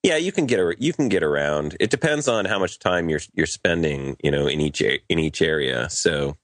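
A man's voice: extremely low pitch, expressive, moderate pace, dry recording, studio quality. A man on a podcast panel, easygoing and explaining things as he thinks aloud. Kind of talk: casual panel chat.

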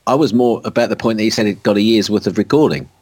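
A man's voice: fairly low pitch, quick pace, a little mellow. A man in casual chat, asking questions with stumbling restarts.

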